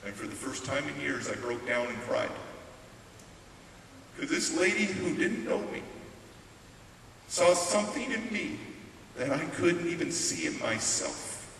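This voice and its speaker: A fairly high-voiced man delivers a live motivational talk. He tells his story with animated emphasis and drives points home by repeating them. The sound is roomy and distant, with a faint hiss under it. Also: unhurried, vocal fry, pauses often. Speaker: motivational speaker. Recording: echoey hall from far off, faint hiss.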